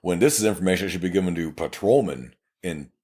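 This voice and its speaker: A man's voice: low voice, quick pace. A male police investigator co-hosting a casual podcast, telling blunt, plainspoken stories about his work and acting out the exchanges. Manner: animated storyteller who acts out quoted exchanges; blunt and plainspoken, with occasional cursing.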